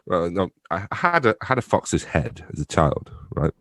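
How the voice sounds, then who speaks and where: A young adult man speaks unhurriedly in a low, slightly bright voice with big pitch swings. Appearing as a podcast guest and working as a theatre company director, he keeps the conversation casual, rambling, swearing freely and laughing often.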